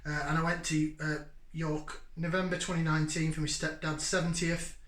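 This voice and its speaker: A man's voice: on the high side, flat delivery, normal speed, fairly bright tone, echoey room. A man in his forties from Yorkshire, hosting a casual beer review vlog in a chatty, jokey, upbeat way. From Yorkshire, England. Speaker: beer reviewer, channel host.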